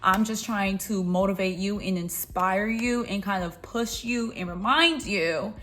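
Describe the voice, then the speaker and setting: A woman's voice: mid-range voice, unhurried, a bit bright, a little hiss or hum. A young woman chatting through her makeup tutorial, playful and encouraging as she talks to her viewers. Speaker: beauty vlogger. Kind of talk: casual makeup tutorial chat.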